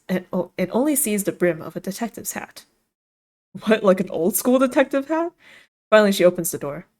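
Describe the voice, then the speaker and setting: A woman's voice: mid-range voice, darkish tone. A woman streamer reading a visual novel aloud on stream, giggly and laughing often between lines of narration.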